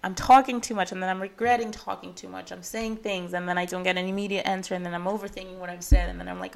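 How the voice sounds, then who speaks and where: A young woman hosts her own podcast in a loose, rambling way. She leans on filler words and keeps correcting herself. Her voice sits low, with a gravelly edge. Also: steady tone, fast talker, few pauses. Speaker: podcast host. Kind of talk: casual solo podcast chat.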